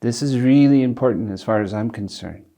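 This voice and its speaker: A middle-aged man telling a personal story in an interview, earnest and reflective, pausing and restarting as he speaks. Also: mid-range voice, dark tone. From Alberta, Canada. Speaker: interviewee, community leader.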